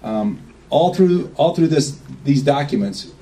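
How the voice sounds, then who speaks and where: A man's voice: a little high, animated, measured pace, dark tone, recorded from a distance, poor audio. A man giving an informal, rambling talk to a small group, often checking in with "okay?". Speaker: speaker at a meeting.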